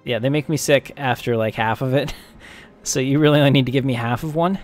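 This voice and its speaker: A man streaming a strategy game live, talking casually in an average-pitched voice. He jokes and laughs often and thinks aloud as he plays. Faint game music plays underneath. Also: a little fast.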